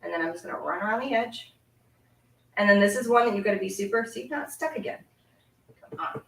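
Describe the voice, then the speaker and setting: Giggly, chatty Canadian-born craft host. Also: female voice, medium pitch, quick pace, vocal fry, a bit bright. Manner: chatty, giggly, talks while working. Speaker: card-making host. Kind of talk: casual live craft demonstration. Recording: echoey room, mic set at a distance.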